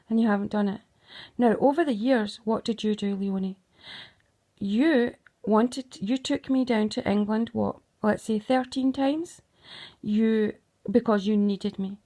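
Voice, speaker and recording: A woman's voice: a little high, a little mellow. A middle-aged woman, recounting grievances to her daughter in an emphatic, accusing way. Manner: accusing, emphatic, keeps asking "right?". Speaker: mother. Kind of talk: emotional recounting monologue.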